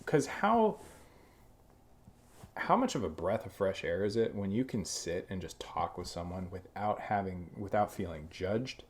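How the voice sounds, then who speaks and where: A man's voice: low voice, big pitch swings, unhurried. A man co-hosting a podcast in crude, rambling casual chat. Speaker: podcast co-host.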